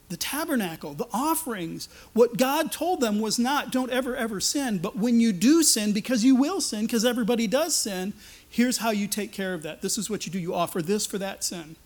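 A man preaching a sermon, speaking emphatically and voicing God in the first person, with frequent restarts. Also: sits high. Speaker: pastor.

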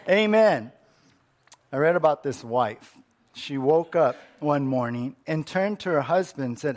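Slow, earnest male pastor. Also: medium pitch, expressive. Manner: measured, repetitive, earnest. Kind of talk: sermon.

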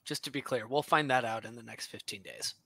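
Bright-voiced man on a sports podcast. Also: medium pitch, brisk, creaky. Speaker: podcast co-host. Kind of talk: casual sports podcast chat.

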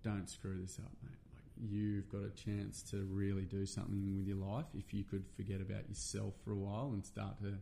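Middle-aged Australian man, lower pitch, casual earnest storyteller, swears freely, light background noise. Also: completely flat delivery, a little fast, vocal fry, hardly any pauses, warm tone. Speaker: podcast guest, men's workshop facilitator.

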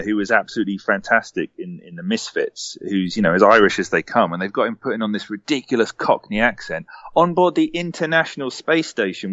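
A man's voice: medium pitch, fairly bright tone, no room sound. A man in a casual film review chat, ranting in an exasperated, sweary way. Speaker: podcast co-host. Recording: dry, dull-sounding recording.

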